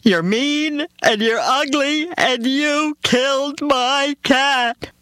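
A bratty young girl wailing high and drawn-out insults, as a man puts her on. The voice is pitched far above his own, with an odd, strained tone. The recording is dry and close. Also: pushed and bright, no echo, heavily acted.

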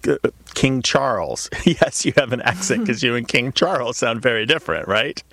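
A man's voice: medium pitch, very animated, normal speed, gravelly, fairly bright tone, no echo. A man hosting a radio call-in show, explaining language to a caller with enthusiasm.

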